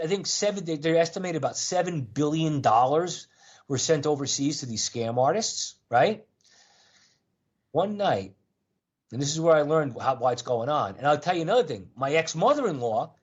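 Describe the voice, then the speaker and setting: A man's voice: fairly high pitch, husky, highs cut off. A middle-aged man on a call-in show, telling a long personal story in an earnest, rambling way full of restarts and fillers. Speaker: call-in guest. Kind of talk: storytelling in conversation.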